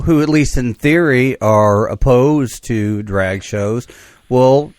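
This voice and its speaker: A man co-hosting a casual podcast, talking in a measured, wry way with hedging asides. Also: medium pitch, dry recording. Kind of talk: casual conversation.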